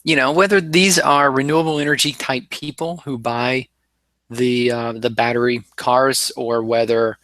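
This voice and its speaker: A man's voice: medium pitch, steady tone, normal speed, fairly bright tone, no room sound. A man co-hosting a car podcast, relaying a report in rambling casual talk with many ums and restarts. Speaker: podcast co-host.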